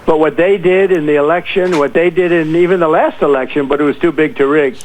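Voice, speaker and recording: A man's voice: a little high, steady tone, fairly quick, a little mellow, slight background noise, poor audio. Insistent older man in a TV interview. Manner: insistent, repetitive. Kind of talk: TV interview answers.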